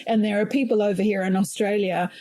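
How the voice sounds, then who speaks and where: Reflective New Zealand woman, mellow voice. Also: medium pitch, steady tone, fast talker, no echo. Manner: reflective, thoughtful, laughs lightly. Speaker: podcast guest. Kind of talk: conversational interview.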